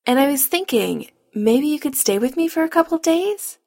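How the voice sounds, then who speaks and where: A woman voicing a tender, coaxing male romantic lead in a storybook reading, speaking softly and low. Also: animated, moderate pace.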